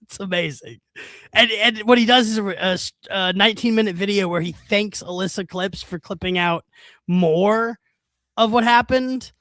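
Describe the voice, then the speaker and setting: High-voiced man chatting drily. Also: normal speed, a bit bright, no room sound. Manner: rambling, amused, full of fillers. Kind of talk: casual gossipy chat.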